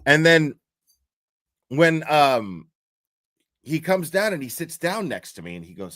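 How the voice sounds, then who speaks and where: In casual livestream commentary, this man's voice sits on the high side and swings widely in pitch. He's unhurried, pausing often, with a slightly bright, echo-free sound, rambling through a profane story full of restarts and laughing fits.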